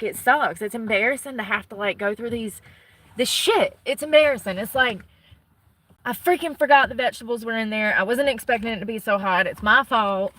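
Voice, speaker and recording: A woman's voice: a little high, sharp tone, low-quality recording. A woman vlogging from the car she lives in, rambling bluntly and cursing, a little out of breath. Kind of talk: casual chat.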